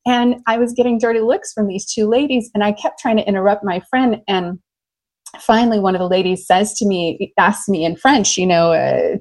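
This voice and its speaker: A woman's voice: medium pitch, moderate pace. Enthusiastic American woman telling stories. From United States. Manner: enthusiastic, animated, laughs easily. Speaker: love coach guest. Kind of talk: conversational interview storytelling.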